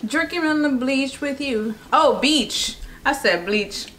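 A woman's voice: sits high, lively intonation, slow pace, fairly bright tone, low-quality recording. A young woman hosting a casual vlog with her sister, teasing and laughing, exaggerating her words. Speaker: YouTube vlogger. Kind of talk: casual playful chat.

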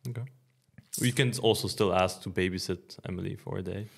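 Deep-voiced man with dry teasing humor. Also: fairly even intonation, fairly quick, gravelly. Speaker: podcast host, racing driver. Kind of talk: casual chat.

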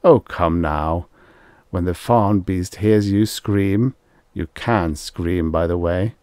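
A man's voice: mid-range voice, sing-song, unhurried, dark tone, dry recording, studio quality, voice pushed up. A man voicing a cruel male expedition leader who speaks with mocking geniality.

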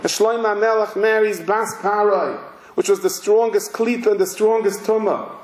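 A male rabbi giving a sermon, telling a story slowly and emphatically. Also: high voice, a little hiss or hum. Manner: slow, emphatic, vivid narration. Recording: roomy hall echo.

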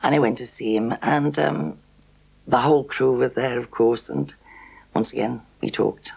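A woman from England in a documentary interview, telling a personal memory in a gentle, measured way. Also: very deep voice, creaky, breathy edge, low-quality recording. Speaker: interviewee recalling a past meeting. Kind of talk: reminiscing interview.

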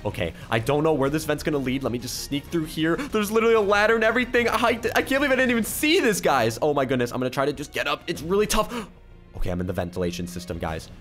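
A man hosting a gaming channel, giving excitable, exclamatory commentary as he plays and reading other players' chat aloud in his own voice. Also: on the high side, fast, soft background music. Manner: excitable, exclamatory, keeps repeating "oh my goodness". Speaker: YouTuber gaming host. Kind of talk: let's-play gameplay commentary.

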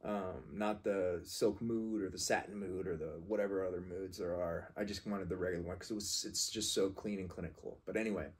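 A man's voice: deep voice, fairly even intonation, brisk, hardly any pauses, slightly rough. A man reviewing a fragrance in casual talk, rambling and emphatic as he corrects how a word is said.

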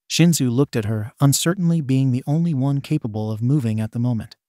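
A man narrates a fan fiction story in a level, mid-range voice. His reading is flat and steady, reading even symbols out literally, and the sound is dry and close. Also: mid-range voice, brisk, few pauses, no echo.

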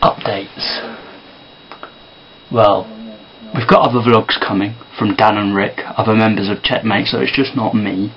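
A man talking quietly and softly to camera in a casual sit-down vlog. He sounds tired. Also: on the low side, steady tone, moderate pace, dull audio. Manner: quiet and soft-spoken. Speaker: vlogger and amateur filmmaker.

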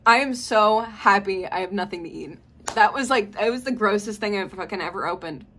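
A woman's voice: mid-range voice, a little fast, sharp tone, slight background noise. A young woman vlogging casually, ranting with lots of swearing and dramatic swings from mumbled complaints to shrieks. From Tampa area, Florida.

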